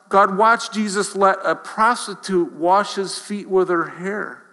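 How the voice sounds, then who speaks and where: A man's voice: sits high, pushed and bright. A man preaching a sermon as pastor, conversational and self-deprecating, asking the congregation rhetorical questions. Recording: reverberant hall.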